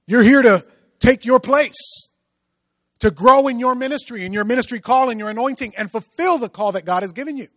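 A male pastor preaching a sermon, moving from hushed storytelling to loud, rising exhortation. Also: extremely high pitch, fairly quick, no echo.

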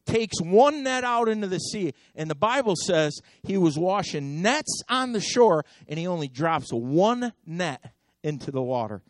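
A man preaching a sermon as pastor, impassioned and repetitive, swinging between loud exhortation and hushed intensity. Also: high-pitched, lively intonation, unhurried, dry recording, clean studio sound. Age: adult.

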